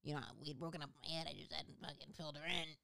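A woman's voice: deep voice, flat delivery, rapid-fire, gravelly, bright, forceful tone, no room sound, clean studio sound. A woman comedian telling a rambling, profane story about her own life in a casual, self-mocking way.

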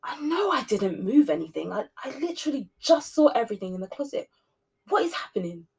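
A woman's voice: a little high, sing-song, quick pace, creaky, darkish tone, husky, full character voice. A woman playing a flustered, anxious office cleaner who exclaims and calls out in a frantic way. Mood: bewildered.

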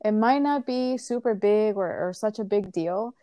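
A woman talking casually and earnestly, giving frank advice with the odd swear word. Her voice is mellow and a little dark, recorded dry and close. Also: medium pitch, normal speed, no room sound. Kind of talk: casual chat.

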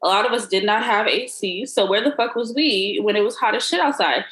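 A woman's voice: medium pitch, brisk, poor audio. Blunt, swearing young woman chatting. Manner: blunt, swears freely, lively storytelling. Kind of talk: casual chat.

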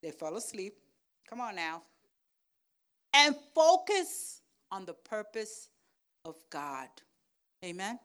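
A woman pastor preaching a sermon, checking in with "Amen?" and "right?", and swinging from soft asides to loud calls. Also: medium pitch, sing-song. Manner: slow, deliberate delivery.

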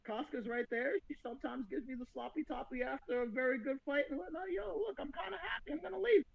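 A man voicing a weary, content male swordsman in a laid-back, low-key way. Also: quick pace, vocal fry, no room sound, distant mic, highs cut off.

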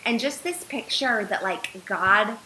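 Bright-voiced woman telling a personal story. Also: medium pitch, slow, slight background noise, rough recording. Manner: earnest, animated retelling with filler words. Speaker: podcast guest.

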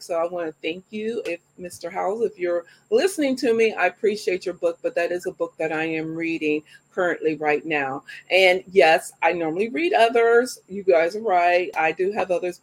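A woman hosting a live show, chatting in an upbeat way and talking straight to her audience before asking her guest questions. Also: on the low side. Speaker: show host. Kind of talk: live show interview chat.

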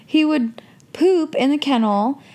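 Animated woman telling a story. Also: high voice. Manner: animated, slows down for emphasis. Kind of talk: casual storytelling chat.

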